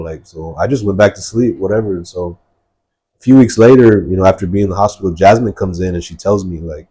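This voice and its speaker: A man with a low, dark voice tells his life story in a podcast interview. He talks earnestly and rambles, with a husky edge and many fillers. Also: fairly quick. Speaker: guest sharing testimony. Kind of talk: personal testimony in a podcast interview.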